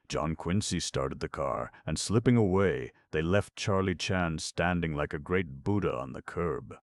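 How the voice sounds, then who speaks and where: A man narrating an audiobook in a steady, even storytelling manner. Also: very deep voice, normal speed, few pauses, no echo.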